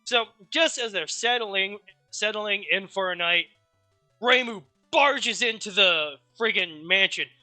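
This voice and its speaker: A man streamer casually recapping a story, rambling and animated, with offhand swearing. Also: high-pitched, slow pace, no room sound, faint music behind.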